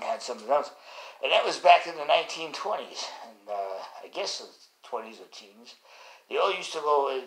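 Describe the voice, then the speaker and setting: A man's voice: mid-range voice, fairly bright tone, echoey room, low-quality recording. A man casually telling a rambling family story, full of asides and restarts.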